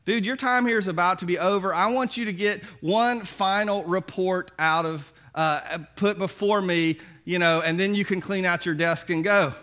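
A man's voice: high-pitched, moderate pace, hardly any pauses, bright, forceful tone. A man voicing a wealthy male boss who is done with his wasteful manager, blunt and dismissive. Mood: fed up. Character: rich male boss, generous but fed up.

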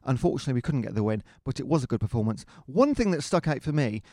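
A man co-hosting a casual football podcast, telling stories in a chatty, animated way. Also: mid-range voice, quick pace, no room sound, studio quality. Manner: chatty, animated storyteller with rising laughs. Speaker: podcast co-host.

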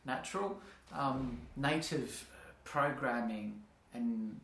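This podcast host speaks very slowly in a mid-range, creaky, slightly bright voice, with a little hiss or hum present. His casual chat rambles, with frequent laughs and playful voices for examples, and the room echoes noticeably.

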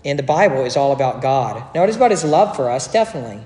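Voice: medium pitch, big pitch swings, very fast, darkish tone. A pastor delivering a sermon, explaining scripture in a conversational way with joking asides. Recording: echoey hall with long reverb.

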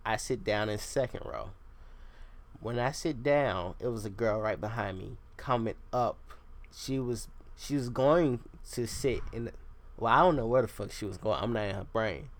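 A man's voice: fairly low pitch, normal speed. A young man hosting his own podcast, rambling casually with lots of swearing and tangents. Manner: profane, digressive, self-deprecating. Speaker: podcast host.

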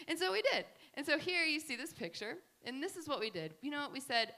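A woman gives a faith talk to a group, moving between family stories and scripture. Her voice is bright and forceful, set a little higher than most. She tells her stories in a chatty, animated way, full of casual fillers. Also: fairly quick. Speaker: speaker at a faith gathering.

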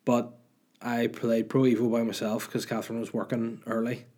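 A man's voice: mid-range voice, level tone, normal speed, mellow. A young man with a Northern Irish accent, hosting a podcast in rambling, sweary, joking storytelling. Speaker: podcast host. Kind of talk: casual solo chat.

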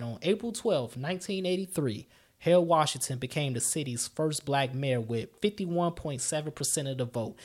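A man hosting a history podcast, telling it in an animated, outraged way with swearing asides. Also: on the high side. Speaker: podcast host.

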